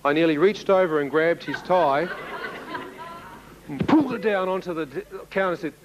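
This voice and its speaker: Animated New Zealand man preaching. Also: fairly high pitch, moderate pace, dull audio, slight background noise. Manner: animated storyteller who acts out dialogue, with laughs. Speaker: preacher giving a testimony. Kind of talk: testimony sermon to a congregation.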